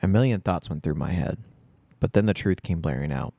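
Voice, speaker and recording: A man reading a first-person story aloud in a steady storytelling voice. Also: low voice, brisk, gravelly, dry recording. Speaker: audiobook reader.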